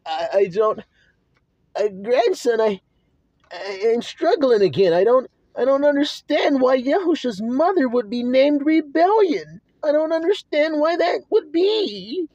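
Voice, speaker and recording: High whiny offended guy, stuttery and sulky, dry muffled audio. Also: animated, a little slow, darkish tone, no room sound. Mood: pleading. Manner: whining, stammering, self-pitying. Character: whiny offended male listener, high and complaining. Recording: dull lo-fi recording.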